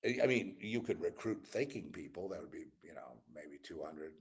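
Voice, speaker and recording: Weary low-voiced man musing aloud. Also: animated, normal speed, slight background noise. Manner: meandering, musing, drops into low mutters and whispers; weary, exasperated. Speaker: channel host. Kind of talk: rambling spiritual and political monologue.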